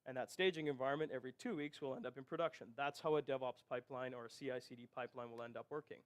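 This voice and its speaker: A man's voice: medium pitch, fairly even intonation, racing. A man giving a technical conference presentation, explaining step by step and often checking in with the audience. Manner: explanatory, rhetorical "right?" checks. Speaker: conference speaker.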